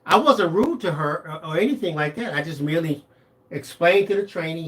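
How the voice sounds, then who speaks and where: A man's voice: a little high, lively intonation, a little fast, a bit bright. A man with a slightly raised voice shares a casual anecdote during a crafting livestream. He rambles and keeps circling back with repeated phrases. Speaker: co-host helping with digital images.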